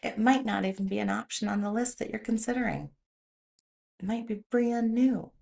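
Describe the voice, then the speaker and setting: Woman, motivational host, conversational, animated storyteller, some vocal fry. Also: mid-range voice, normal speed. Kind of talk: motivational talk.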